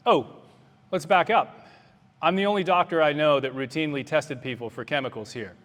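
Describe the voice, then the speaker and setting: Speaking to a crowd in a meeting hall, this doctor and political candidate delivers a plainspoken, earnest campaign speech that sometimes turns fiery. His fairly high voice is a bit bright and fairly quick, with long hall reverb on the recording.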